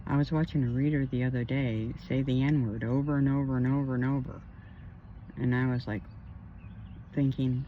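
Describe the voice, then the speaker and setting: A woman's voice: extremely low pitch, steady tone, normal speed, muffled recording, a little hiss or hum. A woman working as a spiritual counselor, talking in a rambling personal vlog outdoors by a pond, emphatic with indignant asides.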